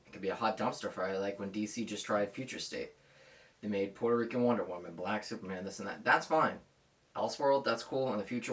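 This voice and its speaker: A man's voice: on the low side, fairly bright tone. A man in his thirties delivering a heated, profane, blunt rant as a vlogger. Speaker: comics vlogger. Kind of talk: casual ranting monologue.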